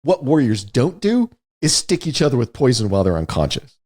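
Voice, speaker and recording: Male podcast co-host, middle pitch, very lively intonation, explanatory and conversational. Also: fairly quick. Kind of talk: casual film discussion.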